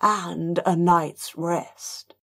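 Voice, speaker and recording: A woman's voice: on the low side, fairly even intonation, extremely slow, creaky, slightly rough, exaggerated voice. A woman reading an audiobook, voicing a dry, sarcastic middle-aged noblewoman.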